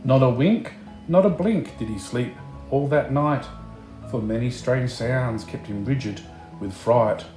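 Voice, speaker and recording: A man reading a picture book aloud, slow and expressive, chatting to the listener between pages. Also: mid-range voice, reverberant, faint music behind. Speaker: storybook reader.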